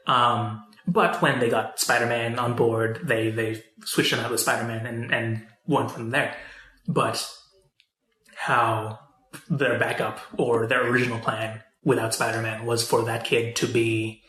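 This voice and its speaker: A man's voice: medium pitch, fairly even intonation, measured pace, pushed and bright, roomy sound. A man co-hosting a podcast, chatting casually about movies and TV, rambling with lots of fillers and restarts. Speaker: podcast co-host.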